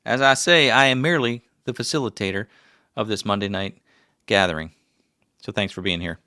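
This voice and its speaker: A man's voice: lowish voice, fairly quick, pushed and bright, clean tone, no room sound, studio quality. A middle-aged man hosting a casual livestream, rambling through stories with self-mocking jokes. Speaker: livestream host.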